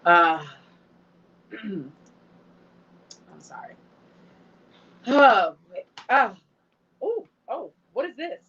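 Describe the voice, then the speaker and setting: A woman's voice: fairly high pitch, sing-song, drawn-out words, pauses often, a bit bright, breathy edge. A woman hosting a casual online show, talking straight to the audience and openly moved. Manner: emotional, talks to the audience directly. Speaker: host. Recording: dull lo-fi stream audio.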